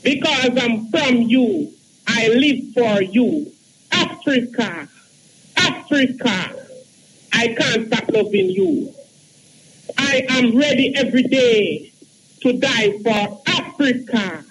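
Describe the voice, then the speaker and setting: A man in his thirties calls in and recites a poem, chanting slowly and repeating his lines. His voice sits very high for a man and he takes his time. He comes through a phone line with faint noise behind him. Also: lively intonation. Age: 30s. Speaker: caller.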